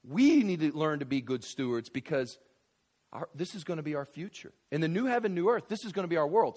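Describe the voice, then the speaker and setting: A man in his thirties, a pastor preaching a sermon in an animated, conversational way, with asides and fillers. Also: moderate pace. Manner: animated preaching with big swings in loudness and pitch. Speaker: visiting pastor.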